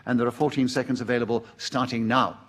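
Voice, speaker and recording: A man's voice: mid-range voice, flat delivery, fast, fairly bright tone. A man chairing a live radio comedy panel game, genially announcing challenges and points.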